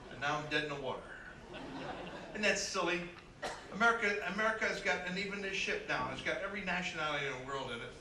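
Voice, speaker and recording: A man doing stand-up comedy as a cruise ship entertainer, telling brisk jokes with asides to the crowd. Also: high-pitched, lively intonation. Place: cruise ship show room. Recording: echoey room from a distance, live band.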